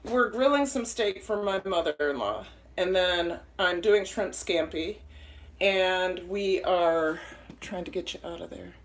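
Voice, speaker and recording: Slow-talking chatty woman in a kitchen. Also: fairly low pitch, animated, rough recording. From Minnesota. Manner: chatty, rambling, apologetic, talks to her dog. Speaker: cooking livestream host. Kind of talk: casual live cooking chat. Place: small home kitchen. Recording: kitchen clatter of dishes and pans.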